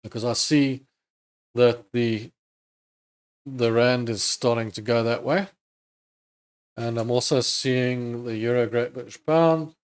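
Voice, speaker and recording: A man's voice: mid-range voice, fairly even intonation, slow, long pauses, clean tone. A man hosting a live trading stream, casually thinking aloud over charts and chatting with viewers. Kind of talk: live market commentary.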